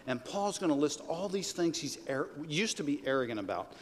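Brief: middle-aged male pastor, lively and joking, leads call-and-response, slightly high voice, long hall echo. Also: a little fast, few pauses. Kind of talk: sermon. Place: church hall. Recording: reverberant hall with faint noise.

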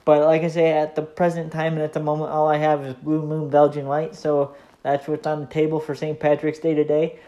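A man's voice: on the high side, monotone, fairly quick, warm tone, muffled recording. A man hosting his own podcast, talking in a casual, easygoing solo monologue that rambles with frequent hesitations. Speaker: podcast host.

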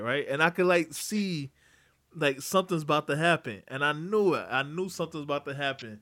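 A man's voice: on the high side, brisk, a bit bright. A man co-hosting a podcast, ranting animatedly about wrestling with lots of swearing and laughter. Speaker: podcast co-host. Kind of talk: casual wrestling chat.

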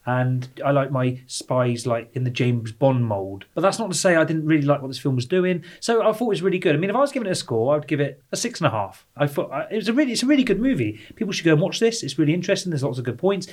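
A man co-hosting a film review podcast, chatting casually, laughing often and restarting his sentences as he talks. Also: on the high side. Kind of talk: casual chat.

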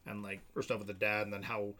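A man's voice: lowish voice, little pitch movement, quick pace, bright, forceful tone. A man co-hosting a podcast, chatting casually about movies, rambling with lots of fillers and restarts. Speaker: podcast co-host. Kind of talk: casual film chat.

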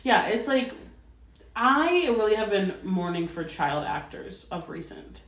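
A woman's voice: medium pitch, a little slow. Woman gabbing on a podcast, lots of likes and swearing, echoey room, kinda far from the mic. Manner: animated, swears, many "like" fillers. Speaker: podcast co-host. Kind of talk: casual chat. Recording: roomy echo, a bit far from the mic.

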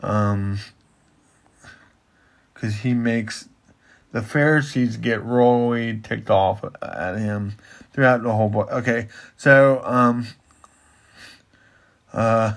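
A man explaining Bible passages in a casual chat, halting and repeating himself as he builds to his point. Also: on the low side, fairly even intonation. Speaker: Bible teacher and podcast co-host.

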